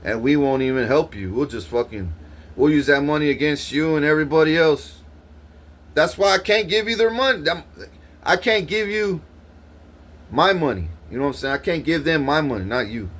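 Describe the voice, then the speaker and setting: A man in a rambling, profane monologue, swearing and issuing threats, his voice jumping up in pitch when heated. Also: expressive, moderate pace, fairly bright tone.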